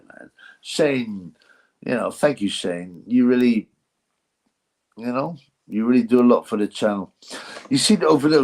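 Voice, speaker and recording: Male host: mid-pitched voice, casual and rambling, with jokey mockery. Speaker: livestream host. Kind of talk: casual livestream chat.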